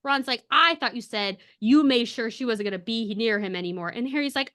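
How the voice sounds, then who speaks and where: A woman podcast host chatting casually, retelling a story in an animated way with lots of laughs. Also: a little high, a little fast, clear, resonant tone. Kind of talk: casual chat.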